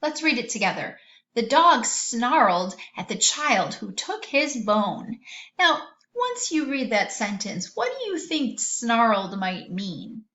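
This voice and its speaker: A woman teaching a vocabulary lesson to children in a gentle, sing-song way. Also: a little high, big pitch swings, takes it slowly, echoey room, dull audio.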